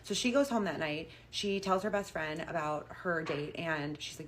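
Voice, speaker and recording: A woman's voice: sits low, moderate pace, a little hiss or hum. A woman telling a spooky story in a chatty, casual storytime style, full of "like". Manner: chatty, uses like a lot.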